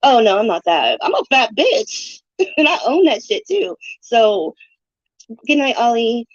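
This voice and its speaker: A woman's voice: a little high, very animated, measured pace, no echo. A woman livestreaming, talking in a brash, profane and mocking way. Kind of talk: casual livestream rant. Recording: dull lo-fi stream audio.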